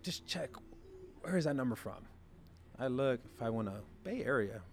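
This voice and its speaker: A young man who played quarterback, telling stories in a casual chat and acting out quoted lines with sudden jumps in pitch. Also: normal speed, slight background noise. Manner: animated storyteller, acts out quotes with big jumps in pitch. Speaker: former college quarterback guest.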